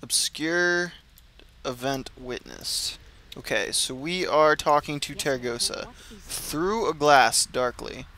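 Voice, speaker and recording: A man's voice: fairly high pitch, lively intonation, slow pace, sharp tone. A man swearing and trash-talking through frustrated gameplay commentary. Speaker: gamer.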